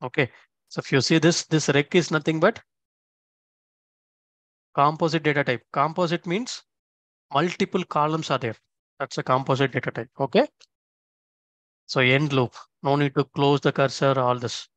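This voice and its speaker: A man's voice: on the high side, fairly even intonation, moderate pace, long pauses, fairly bright tone, no room sound. A man teaching a programming lesson step by step. He often stops to check in with "okay?". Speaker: instructor. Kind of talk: screen-recorded coding tutorial.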